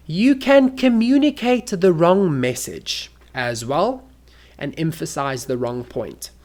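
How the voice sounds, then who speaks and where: A man teaching an English lesson, demonstrating intonation with exaggerated examples. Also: on the high side.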